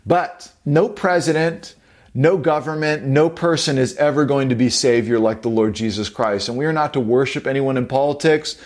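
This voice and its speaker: A man preaching a sermon as pastor, from the United States, emphatic and slowing down to stress key phrases. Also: mid-range voice.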